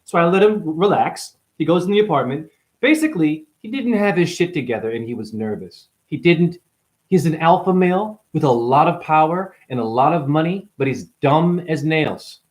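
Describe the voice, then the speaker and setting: Guy ranting live to his chat, voice jumps up and down a lot, fairly high for a man, swears and acts out the other people. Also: moderate pace. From Boston. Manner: animated, jumps between topics, swears, mimics voices in stories. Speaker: livestream host. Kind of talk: rambling livestream monologue.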